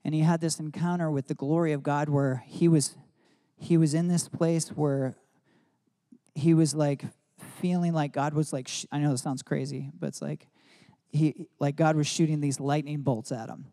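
A man's voice: on the high side, fairly even intonation, normal speed, warm tone. A man telling personal stories in a sermon, casual and rambling with many "like" fillers. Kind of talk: sermon storytelling.

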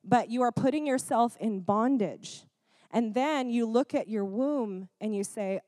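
Animated woman preacher, higher voice. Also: measured pace, no echo, clean studio sound. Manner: animated, laughing asides, frequent "Amen? Okay?" check-ins. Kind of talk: sermon.

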